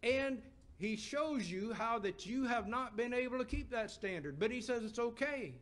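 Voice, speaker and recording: At a normal speed and with expressive delivery, a middle-aged man with a very high voice preaches, pressing emphatic questions on the congregation and quieting to a hush for stories.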